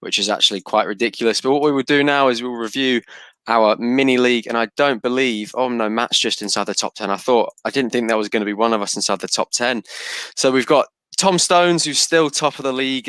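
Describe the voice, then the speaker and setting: A man's voice: mid-range voice, fairly quick, fairly bright tone, clear, resonant tone, dry recording. Dry, close-miked male podcast host. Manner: chatty, reads out standings. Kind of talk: casual podcast chat.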